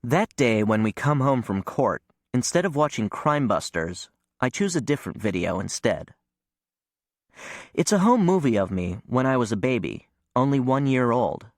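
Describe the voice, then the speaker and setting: A man reading a novel aloud as first-person audiobook narration, calm and even. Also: medium pitch, moderate pace, dry recording, clean studio sound.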